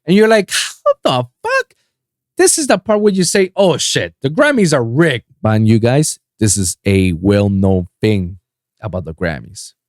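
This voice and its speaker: A man from Puerto Rico hosting a solo podcast, ranting in a casual, profane way that swings between loud outbursts and low mutters. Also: dry recording, clean studio sound. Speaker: podcast host.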